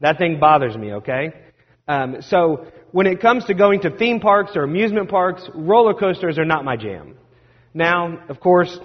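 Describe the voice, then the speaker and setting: A man preaching a sermon, telling a self-deprecating personal story in a lively way. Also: a little high. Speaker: pastor. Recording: dull sound with long hall reverb.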